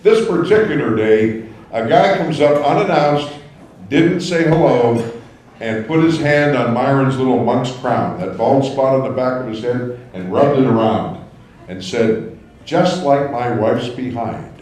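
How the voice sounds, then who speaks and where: A man's voice: medium pitch, measured pace, darkish tone, slight background noise. A man speaking at a banquet, giving thanks and then telling a polished anecdote. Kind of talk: after-dinner remarks and anecdote. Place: large banquet hall. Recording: echoey hall, mic far off.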